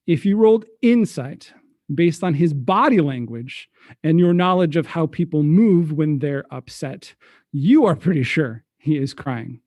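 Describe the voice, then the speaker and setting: A man's voice: on the high side, lively intonation, measured pace, a little mellow, dry recording. Game master man, dry close sound. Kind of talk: narrating a tabletop game.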